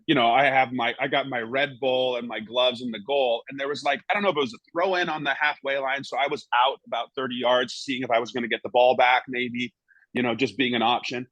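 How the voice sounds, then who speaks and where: A man's voice: medium pitch, fairly even intonation, normal speed, a bit bright, dry recording, muffled recording. Rambling middle-aged male storyteller. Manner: rambling, full of "you know" and "right?". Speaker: guest, former goalkeeper. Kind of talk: casual anecdote telling.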